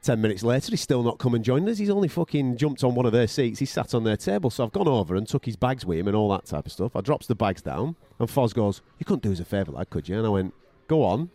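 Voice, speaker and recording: A man's voice: medium pitch, expressive, fast talker, hardly any pauses, mellow, no echo. A male podcast co-host and radio boxing commentator telling a story in casual chat, blunt and profane, acting out other people's voices as he goes.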